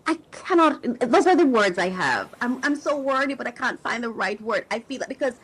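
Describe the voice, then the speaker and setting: A woman's voice: mid-range voice, slightly rough, poor audio. A middle-aged woman hosting a podcast, talking in an emotional, searching way about faith, often restarting as she looks for words. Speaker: podcast host and coach. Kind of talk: reflective spiritual talk to listeners.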